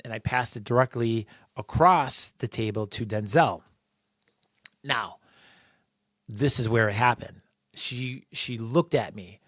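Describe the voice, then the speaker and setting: A man sharing a workplace story as a podcast guest, animated and acting out quoted voices. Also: medium pitch, dry recording, studio quality. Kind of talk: personal storytelling.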